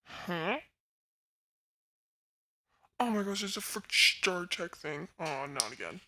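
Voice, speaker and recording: A woman's voice: fairly low pitch, expressive, slow, sharp tone, slight background noise. A woman chatting casually to her live stream chat from her room at home, laughing often and talking to viewers. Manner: giggly, chatty, talks to chat. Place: bedroom at home.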